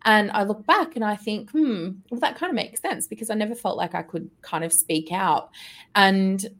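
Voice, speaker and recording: A woman from Melbourne hosting a podcast interview, speaking reflectively with frequent pauses and fillers. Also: medium pitch, fairly bright tone. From Melbourne, Australia. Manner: reflective, hesitant, many fillers. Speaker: podcast host.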